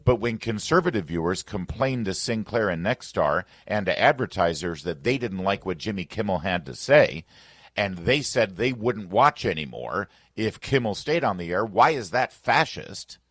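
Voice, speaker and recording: Man, radio host, very low voice, emphatic, rhetorical questions, dry close mic. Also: expressive, normal speed, a bit bright, no room sound. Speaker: radio talk show host. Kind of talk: political talk radio. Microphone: studio microphone.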